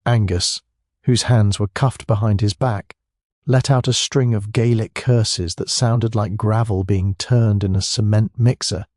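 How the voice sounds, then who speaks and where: Mellow male audiobook narrator. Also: fairly low pitch, steady tone, unhurried, no echo, clean studio sound. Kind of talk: scripted narration.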